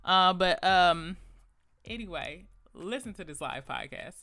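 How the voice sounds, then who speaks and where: A woman from Detroit hosts a live podcast at an expo, talking in a bright, ringing voice. She is chatty and animated, laughing often and slipping into bits of song. Her talk is loose and friendly. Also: on the low side, measured pace, poor audio. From Detroit, Michigan. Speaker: podcast host. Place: expo venue.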